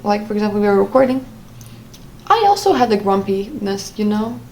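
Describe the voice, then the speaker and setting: A woman's voice: mid-range voice, sing-song, brisk, darkish tone. Young woman rambling thru a personal story at home, lots of ums and likes, slight hiss. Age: young adult. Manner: rambling with frequent fillers and restarts. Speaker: vlogger. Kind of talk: casual storytime monologue.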